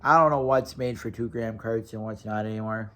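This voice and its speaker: A man's voice: on the low side, fairly even intonation, brisk, a bit bright. Blunt, profane young man ranting casually. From Wisconsin. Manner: blunt, profane, repetitive restarts. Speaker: vlogger. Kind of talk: casual rant to camera.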